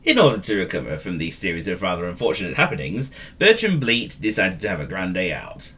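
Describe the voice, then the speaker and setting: A man reading a children's story in a very lively voice that swoops up and down. His tone is bright and crisp, and he teases the listener with playful asides. A classic storybook reading. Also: low voice, a little fast.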